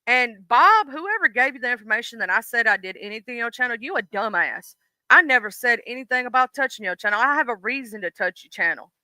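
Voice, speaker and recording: Fairly high-pitched, animated, and quick, this sharp-toned woman hosts a casual livestream in a Southern US accent. She talks bluntly to her chat and swears a lot; the recording is rough but has no echo.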